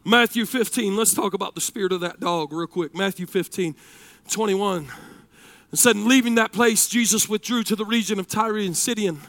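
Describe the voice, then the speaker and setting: A man, preaching a sermon that swings between shouted passages and hushed storytelling. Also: high-pitched, normal speed, dry recording.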